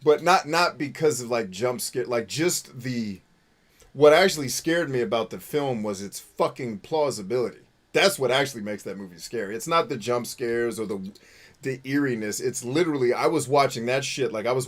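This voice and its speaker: A man's voice: medium pitch, lively intonation, moderate pace. Foul-mouthed joking man streaming a game. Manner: profane, joking, self-mocking. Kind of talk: live gameplay commentary reading chat.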